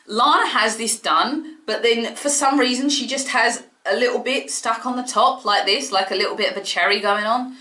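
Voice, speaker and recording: A woman giving an excitable, chatty solo review of a wrestling show from her home. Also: on the high side, moderate pace, reverberant. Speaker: wrestling vlogger. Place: home room.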